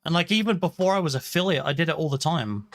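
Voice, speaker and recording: A man's voice: fairly high pitch, quick pace, fairly bright tone, no echo. A man from England with an English accent, chatting casually with viewers on a live stream from a small room at home. He thanks people by name, apologizes often and restarts his sentences as he talks.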